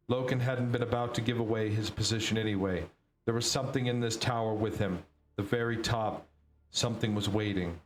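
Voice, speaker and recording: A man streaming, reading a novel aloud with a steady delivery and the odd slip. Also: on the low side. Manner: steady read-aloud with occasional slips. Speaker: book reader streamer. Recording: roomy echo, faint noise.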